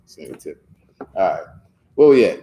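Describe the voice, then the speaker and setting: A man with a low, deep voice leads a scripture class in loose street slang. He rambles from one point to the next and keeps checking in with "you know what I'm saying?" A faint hiss of background noise runs under the recording. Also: very animated, normal speed, mellow. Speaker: teacher leading a scripture class. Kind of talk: casual talk in a religious class.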